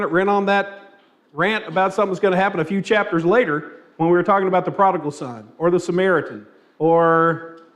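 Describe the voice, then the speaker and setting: A man leading a church Bible class, asking the group questions and telling anecdotes with light humor. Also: high voice. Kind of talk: interactive Bible class teaching.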